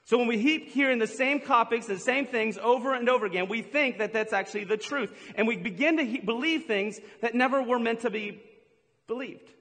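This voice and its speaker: A man with a bright, high voice preaches to a congregation in a big hall, his words trailing off into a long reverb. He talks in a playful, teasing way, cracking jokes and throwing in quick asides. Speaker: pastor. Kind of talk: humorous sermon. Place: large church hall with a live congregation.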